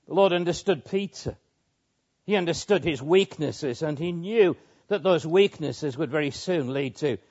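A man preaching a measured expository sermon, with pauses and small restarts. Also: fairly high pitch. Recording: muffled lo-fi sermon recording.

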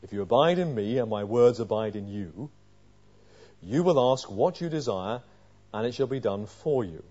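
Emphatic preacher with a mellow voice. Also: male voice, mid-range voice, animated, normal speed, breathy edge, lo-fi sound. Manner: emphatic, rhetorical questions, swings from quiet to loud. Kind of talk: sermon.

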